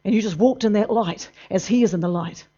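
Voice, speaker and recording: A preacher delivering a sermon emphatically, moving between loud bursts and low, intense passages. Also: brisk. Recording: dull lo-fi recording.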